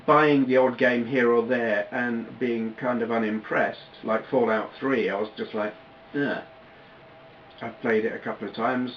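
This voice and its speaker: A man talks casually straight to camera, wandering off on tangents and catching himself mid-sentence. His voice sits at an ordinary middle pitch. The recording is a little dull and lo-fi, with a faint hiss of noise underneath. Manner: rambling, self-interrupting, chatty with frequent fillers. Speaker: retro gaming YouTuber. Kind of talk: casual vlog chat. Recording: slightly dull lo-fi audio with faint background noise.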